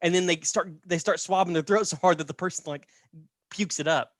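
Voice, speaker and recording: A man's voice: high voice, brisk, a bit bright, dry recording, studio quality. A man casually telling a story on a podcast, chatty and laughing, often checking in with "right?". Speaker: podcast host.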